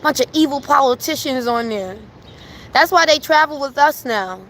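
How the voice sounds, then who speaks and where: A woman on a live stream, telling a story with emphatic, animated delivery and frequent laughter. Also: sits high, normal speed, slight background noise. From New York. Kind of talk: casual storytelling on a livestream. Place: at home.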